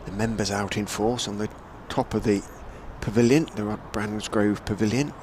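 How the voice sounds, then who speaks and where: A man giving relaxed ball-by-ball cricket commentary from a rooftop commentary position, rising with excitement on the big shots. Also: fairly low pitch, noisy background. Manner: measured, chatty, lifts to excited calls on big shots. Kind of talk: radio-style ball-by-ball commentary. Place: commentary position on a stadium hotel roof.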